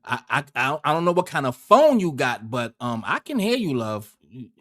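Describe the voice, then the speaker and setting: A man's voice: mid-range voice, big pitch swings, normal speed, a bit bright. A man hosting a livestream, rambling and joking in crude, profane casual banter. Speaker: livestream host.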